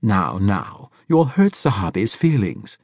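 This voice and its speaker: A man's voice: fairly low pitch, very animated, takes it slowly, a little mellow, no echo, studio quality, heavily acted. A man reading a novel aloud and voicing a fussy, stammering old bachelor with rattling false teeth, in a fluttery, pleading way. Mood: nervous.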